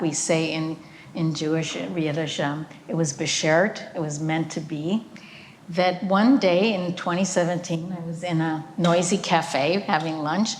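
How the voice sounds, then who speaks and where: An older woman, a cellist and guest speaker, telling a personal story with slides at a remembrance event, unhurried and earnest with occasional fillers. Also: fairly low pitch, slight background noise. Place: event venue.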